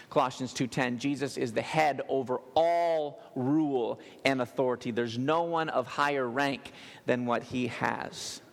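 A man preaching a sermon in a church, his fairly high voice carrying a gravelly edge. He talks in an animated way and tosses joking asides to the congregation. The room gives a long, ringing reverb. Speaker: pastor. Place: church sanctuary.

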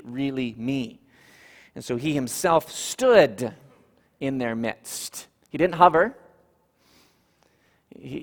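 Male pastor, sermon delivery, earnest and emphatic, fry in the voice, reverberant church hall. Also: a little high, fairly bright tone. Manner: earnest teaching, repeats points for emphasis.

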